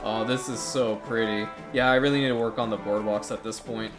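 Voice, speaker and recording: A man giving casual, chatty commentary over a city-building game, turning gleeful and loud when something delights him. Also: on the low side, a little fast, over music. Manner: chatty, excitable, bursts into gleeful shouting. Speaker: gaming YouTuber.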